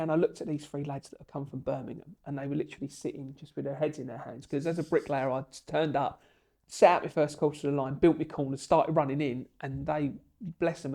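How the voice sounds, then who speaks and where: A man, a guest on a podcast, telling long stories in an animated and emotional way. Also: on the high side, fast, creaky. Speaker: podcast guest, bricklaying tutor. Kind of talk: storytelling in a podcast interview.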